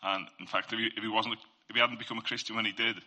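A man's voice: lowish voice, flat delivery, very fast, bright, forceful tone. A man giving an informal Christian faith talk. He speaks earnestly and conversationally, sharing testimony and addressing listeners directly.

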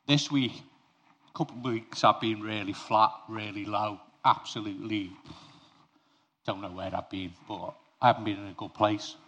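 A man's voice: fairly low pitch, steady tone, normal speed, bright, forceful tone. A man preaching an informal sermon to his congregation. He talks conversationally, speaks to them directly and tells personal stories.

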